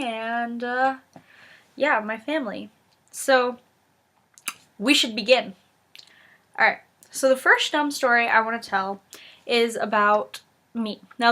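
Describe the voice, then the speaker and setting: A teenage girl vlogging from her bedroom, telling funny stories in an animated, giggly way with lots of restarts. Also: a little high. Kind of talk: casual storytelling vlog. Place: bedroom with window open.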